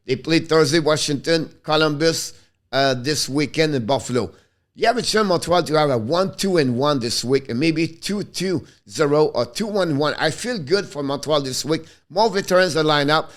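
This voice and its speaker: A man hosting a hockey pre-game preview, passionate and quick to get worked up, speaking English with phrasing. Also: a little high. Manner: passionate, gets worked up and frustrated, non-native English phrasing. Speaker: hockey show host.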